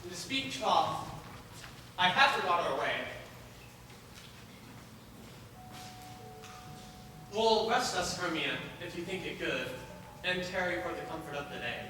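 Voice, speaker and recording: A man's voice: high-pitched, lively intonation, normal speed, bright, forceful tone. A man playing an impulsive young lover, declaiming verse on stage. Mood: tender, coaxing. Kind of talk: stage play performance. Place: school auditorium stage. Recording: echoey hall, distant mic, noisy.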